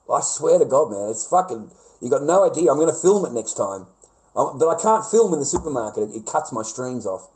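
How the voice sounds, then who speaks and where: A man's voice: fairly high pitch, darkish tone, poor audio. A middle-aged Australian man ranting profanely on a livestream. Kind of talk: livestream rant.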